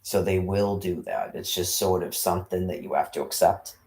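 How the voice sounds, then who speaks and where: A man's voice: sits low, moderate pace, a little mellow. A man talking casually at home while the TV plays. He muses and explains things in meandering, unfinished sentences.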